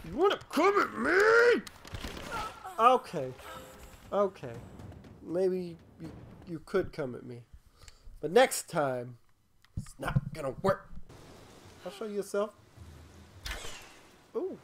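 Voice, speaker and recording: A let's play commentator who yells, taunts enemies and swears a lot while playing. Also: mid-range voice, very animated, takes it slowly, pauses often, slight background noise. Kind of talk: gameplay commentary.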